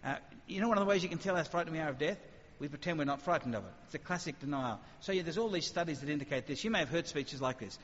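Brief: man preaching to a live audience, animated and conversational, a fairly high voice, muffled hall recording with a long reverb tail. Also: racing, hardly any pauses, slightly rough. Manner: animated, conversational, sudden acted asides. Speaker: speaker. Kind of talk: evangelistic talk with questions.

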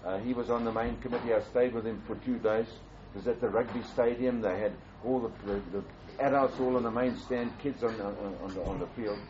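An older man earnestly tells a personal story as a pastor, repeating and restarting phrases and rising in pitch for emphasis. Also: steady tone, brisk. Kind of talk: storytelling testimony. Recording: dull, slightly muffled with faint background hiss.

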